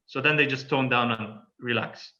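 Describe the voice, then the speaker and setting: A man on a casual podcast, talking in a reflective, halting way full of fillers and restarts. His voice is bright and forceful. The recording sounds a little dull and lo-fi. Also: medium pitch, fairly even intonation. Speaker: podcast guest.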